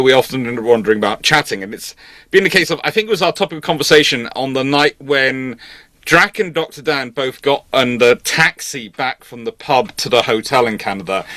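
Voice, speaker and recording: Host, male, bright tone, dry close recording, animated storyteller. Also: mid-range voice, no room sound. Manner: animated, acts out voices in anecdotes. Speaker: history channel host. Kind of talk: casual conversation.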